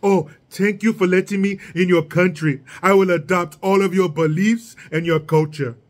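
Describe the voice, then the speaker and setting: A man's voice: sits high, steady tone, normal speed, natural voice. A man voicing a fawning newcomer who pleads and gushes thanks in an exaggerated put-on voice. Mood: mock pleading. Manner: exaggerated mock-grateful pleading. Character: fawning newly arrived man, eager to please.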